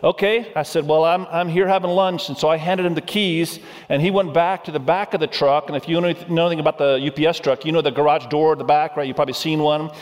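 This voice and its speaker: A man's voice: on the high side, fairly even intonation, fast talker, hardly any pauses. A middle-aged male pastor giving a sermon, telling a humorous story and asking the congregation questions. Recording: reverberant hall sound.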